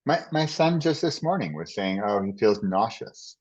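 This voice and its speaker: Low-voiced man telling stories animatedly. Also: normal speed, slightly rough, lo-fi sound. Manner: rambling, animated storytelling with restarts. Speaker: podcast guest. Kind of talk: casual conversation.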